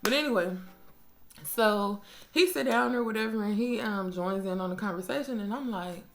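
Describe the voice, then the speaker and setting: A young woman telling a casual storytime on her own mic, animated and slangy, swearing freely and laughing often. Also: mid-range voice, moderate pace. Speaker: storytime vlogger. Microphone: own microphone.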